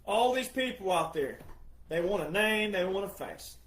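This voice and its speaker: Male commentator, insistent and repetitive delivery, higher pitch, echoey room sound. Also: lively intonation, moderate pace. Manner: insistent, repetitive, addresses "ladies and gentlemen". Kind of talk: emphatic monologue.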